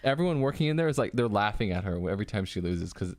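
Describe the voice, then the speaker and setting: A man chatting casually with a streamer, expressive as he retells what happened. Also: fast talker, slight background noise. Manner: expressive, acts out others with big pitch jumps. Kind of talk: casual chat.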